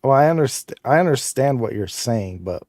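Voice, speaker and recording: A man's voice: medium pitch, normal speed, no room sound. Guy co-host chatting, kinda skeptical, dry close sound. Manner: relaxed, questioning, a bit skeptical. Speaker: livestream co-host. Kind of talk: casual chat.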